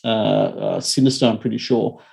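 A man's voice: fairly low pitch, huge pitch swings, moderate pace, vocal fry, a little mellow. A man co-hosting a casual chat about horror films, rambling with many ums and restarts. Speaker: podcast co-host, horror film reviewer.

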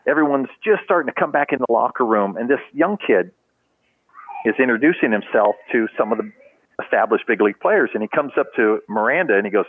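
Animated older man telling baseball stories. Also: medium pitch, a little fast, breathy edge, narrow, tinny audio. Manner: animated storyteller acting out quotes, laughs often. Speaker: retired baseball head trainer, guest. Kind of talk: casual storytelling in a podcast interview.

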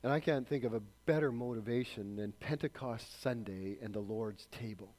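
A man preaching a sermon earnestly, often dropping soft at the ends of phrases. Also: mid-range voice, normal speed. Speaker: pastor.

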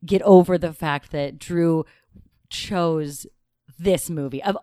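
A young woman co-hosting a podcast, chatting casually and animatedly with quick laughs. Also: deep voice, dark tone, dry recording, clean studio sound. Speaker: podcast co-host. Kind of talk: casual chat.

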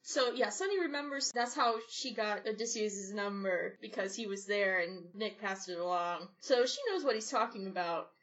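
A woman playing a tabletop game in a lively, laughing way. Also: mid-range voice, moderate pace, few pauses. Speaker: player. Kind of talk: casual tabletop play. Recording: dull lo-fi recording.

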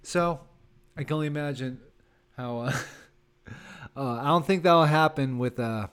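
A man's voice: fairly high pitch, unhurried, a bit bright, clean tone. Give me a man in his thirties hosting a podcast, rambling and sarcastic. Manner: rambling and sarcastic, with many fillers and laughs. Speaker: podcast host and comedian. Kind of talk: casual solo podcast rant.

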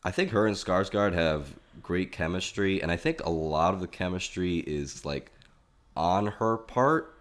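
A man's voice: low-pitched, animated, a little slow. A man co-hosting a film podcast in casual chat, analytical and leading the discussion.

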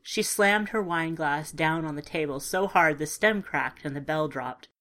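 A woman narrating a first-person story in a calm, measured, understated way. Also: low voice. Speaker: audiobook narrator.

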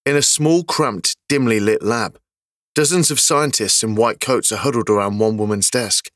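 A man narrating an audio story in a steady, measured scripted reading. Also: fairly low pitch, no room sound, studio quality.

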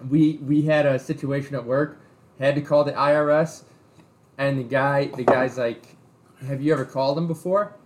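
A man's voice: medium pitch, fairly even intonation, normal speed, a little hiss or hum. A man in casual chat, telling a long story with rambling restarts.

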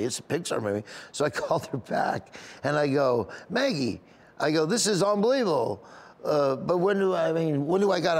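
In a large hall, a man with a mid-range voice, a comedian, tells a rambling, emotional story during an interview. As he recalls it he keeps coming close to tears and laughing.

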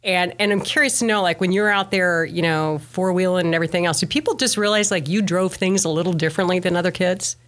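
A woman's voice: fairly low pitch, steady tone, fast talker, few pauses. A woman hosting a casual interview, asking curious follow-up questions. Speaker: interviewer, host.

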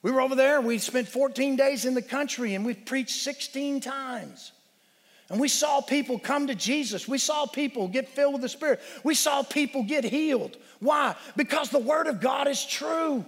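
High-voiced pastor preaching in a hall. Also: male voice. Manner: preaching with emphatic shouted peaks and storytelling. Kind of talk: sermon. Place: church sanctuary. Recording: long reverb of a church hall.

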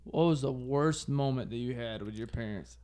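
A man's voice: medium pitch, normal speed, a crowd in the background. A young man co-hosting a podcast, chatting casually and telling profane, rambling stories. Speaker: podcast co-host.

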